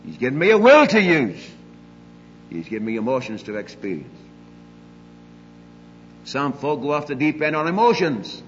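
An older man preaching a sermon, emphatic, moving between loud declarations and quiet asides. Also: medium pitch, in a large hall, lo-fi sound, a little hiss or hum.

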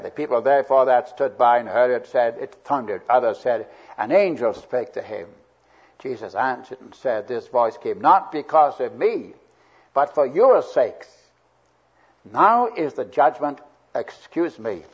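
Husky-voiced preacher in an old recording. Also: male voice, medium pitch, animated, a little slow, highs cut off. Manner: earnest, swelling emphasis on key words. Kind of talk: sermon.

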